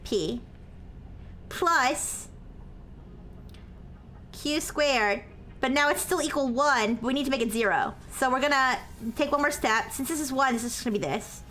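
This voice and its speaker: A woman's voice: expressive, unhurried, pauses often, bright, forceful tone, slight background noise. A woman live-streaming, explaining a math problem step by step to her chat and checking in with "okay?" after each step, turning apologetic when corrected. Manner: self-described as highly caffeinated.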